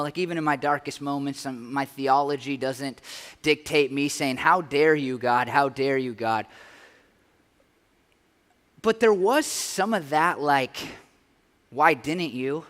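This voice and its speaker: A man's voice: a little high, fairly bright tone. A man preaching a sermon as pastor, earnest and conversational, with frequent restarts. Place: church sanctuary. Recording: long church hall reverb.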